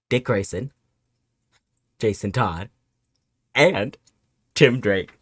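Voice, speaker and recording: A man giving a casual movie review in an excitable, rambling manner, swearing often. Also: lowish voice, moderate pace, no room sound. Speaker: host.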